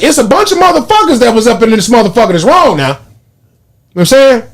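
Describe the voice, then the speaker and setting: A man's voice: very high-pitched, fast talker. A man, hosting a podcast and telling profane stories in casual chat. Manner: animated storytelling, profane, laughs often. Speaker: podcast host.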